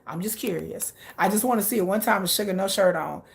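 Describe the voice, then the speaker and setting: A woman's voice: mid-range voice, fast talker, creaky. A woman vlogger chatting casually, gushing and laughing often while reacting aloud to viewer comments. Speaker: K-pop vlogger. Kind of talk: casual chat.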